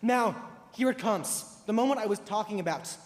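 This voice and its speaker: A young man plays a lonely, middle-aged fan of old musicals who muses wryly to the audience in a fairly high, lively voice. He is heard on a school stage with a long echo around him. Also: moderate pace. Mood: wistful. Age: teens. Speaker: narrator. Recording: reverberant auditorium stage.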